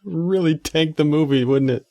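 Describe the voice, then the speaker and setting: A podcast co-host with a fairly high, dark-toned voice talks at normal speed in a casual comedic chat. He's laid-back and loose, reading out answers and cursing now and then.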